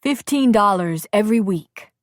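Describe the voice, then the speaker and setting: A woman voicing a gentle, earnest young man who talks in soft, plain, childlike words. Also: mid-range voice, animated, moderate pace, no room sound, clean studio sound, pitched above the performer's own voice, close to an everyday voice.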